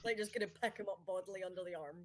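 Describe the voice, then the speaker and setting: A woman's voice: lowish voice, rapid-fire, crowd noise. A woman playing a tabletop role-playing game, earnestly describing her character's actions. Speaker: player. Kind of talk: casual tabletop play.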